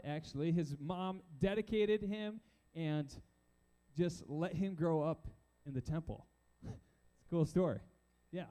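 A male youth pastor preaches in a loose, animated way, acting out Bible figures as he goes. His voice sits high but has a dark, mellow tone. The talk is chatty and aimed at a young crowd in a church hall. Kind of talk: casual sermon to a youth crowd. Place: church auditorium with a balcony.

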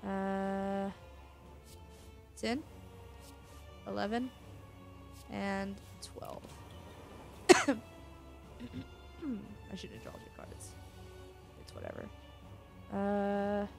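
A woman talks through her own gameplay at a slow, relaxed pace, counting her moves out loud and swearing when things go wrong. Soft game music plays faintly underneath her voice. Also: mid-range voice, vocal fry. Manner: counting aloud, swears, bursts of excitement. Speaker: gaming channel host. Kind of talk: casual let's-play commentary.

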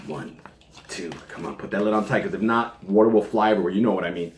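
A man's voice: on the low side, fast talker, roomy sound. A man reviewing a supplement in a casual vlog from his home kitchen, joking and swearing as he rambles.

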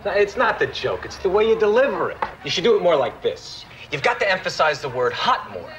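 A man's voice: sits high, big pitch swings, fairly quick, fairly bright tone, a little hiss or hum, rough recording. A man playing a brash, know-it-all diner waiter in a comedy sketch.

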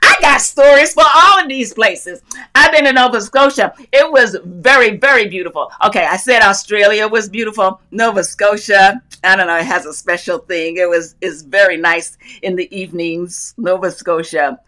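A woman's voice: mid-range voice, normal speed, hardly any pauses, sharp tone. A middle-aged woman from North Carolina hosting a crafting livestream, chatting effusively, laughing often and greeting viewers by where they live. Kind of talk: casual live chat reading viewer comments.

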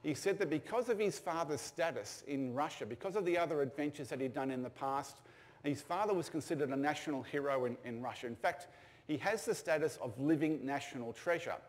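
A man's voice: on the high side, a little fast. An older man, telling stories casually with fillers and restarts. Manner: casual anecdotal storytelling with fillers. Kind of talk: storytelling talk.

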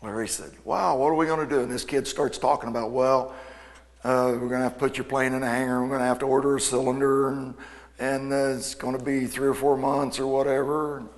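A folksy man spins a lively shop story for a crowd, jumping into the voices of the people in it. His voice sits at an ordinary pitch, and it rings out with a long hall reverb. He sounds like a practiced speaker at an event. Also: fairly quick. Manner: folksy, animated anecdote-telling with quoted dialogue. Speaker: aircraft mechanic and speaker. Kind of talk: storytelling talk to an audience.

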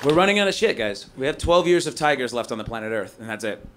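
A man from North America doing a loud, profane, ranting stand-up comedy set on a club stage. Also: medium pitch, big pitch swings, fast talker, a faint crowd.

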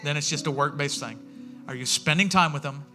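A man preaching a sermon as pastor in a church, telling stories in a lively way and acting out what people said. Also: a little high, a little fast, faint music behind. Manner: animated storytelling, acting out quotes.

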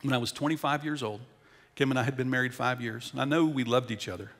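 American male pastor, middle-aged, storytelling sermon; loud peaks, hushed lows, reverberant church hall. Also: fast. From United States. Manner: storytelling, shifts between loud emphasis and quiet intensity. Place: large church auditorium.

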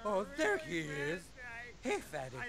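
An actor playing an arrogant, sneering gangster with a gravelly, mocking voice, in a video game. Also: male voice, fairly high pitch, huge pitch swings, measured pace, over a noisy crowd, full character voice.

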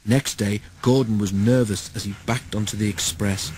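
A man reading a children's train storybook aloud in an expressive way. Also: on the low side, normal speed, a little hiss or hum, poor audio.

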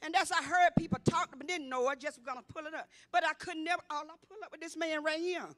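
A woman's voice: high voice, steady tone, fast, a bit bright, dry recording. A woman in her fifties giving a church testimony, telling her story vividly and acting out each exchange, rising to emphatic exclaiming. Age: 50s. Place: church convocation.

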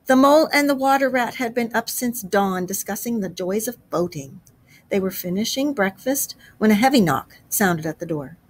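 A woman teacher reading a storybook aloud to a class, expressive, with chatty asides. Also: mid-range voice, normal speed, a little hiss or hum.

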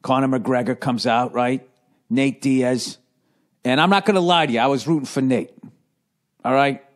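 With a medium-pitched voice at normal speed, this comedian and podcast host rambles casually through a story. The telling is animated and profane, with plenty of restarts along the way.

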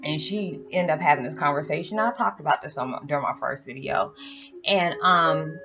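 Middle-aged woman, lowish voice, animated storyteller; dull lo-fi recording with music behind. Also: normal speed. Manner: animated, chatty, full of "you know" fillers. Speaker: storyteller vlogger. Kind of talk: casual personal storytelling.

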